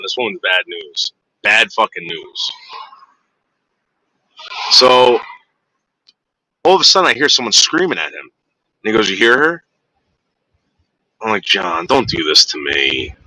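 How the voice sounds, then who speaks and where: A man's voice: lowish voice, animated, unhurried, long pauses, pushed and bright, slight background noise, poor audio. A man streaming to his viewers, telling a long story in a rambling, profane way and acting out the voices of the people in it.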